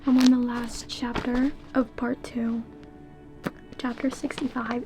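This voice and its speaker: A woman's voice: a little high, little pitch movement, takes it slowly, dark tone, faint music behind, low-quality recording. A young woman vlogging her reading, reacting emotionally with frequent swearing and whispered asides. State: tearful at times. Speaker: book vlogger.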